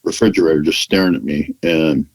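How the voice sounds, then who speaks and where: A man with a low-pitched voice tells a personal story as a podcast guest. He lets his voice swing as he acts out what others said and restarts his sentences often. It sounds like easy, unscripted conversation. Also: steady tone, a little fast, rough recording. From California, United States. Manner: acts out quoted dialogue in his retelling; frequent restarts and "you know" fillers.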